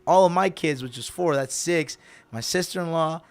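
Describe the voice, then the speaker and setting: A middle-aged man telling a story casually as a radio host, animated and acting out the people he quotes. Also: fairly high pitch, normal speed, clear, resonant tone. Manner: animated, acts out quoted voices, switches between English and Spanish.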